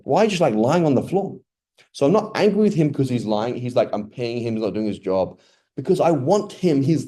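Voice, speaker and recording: A man teaching an informal religious lesson in a mosque, chatty and animated, often asking the audience questions. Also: mid-range voice. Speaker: teacher giving a talk in a mosque.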